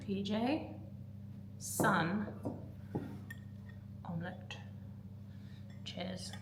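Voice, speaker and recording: A woman in her thirties, vlogging casually from her flat, candid and rambling with lots of fillers. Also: medium pitch, extremely slow, music in the background. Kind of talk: casual chatty vlog.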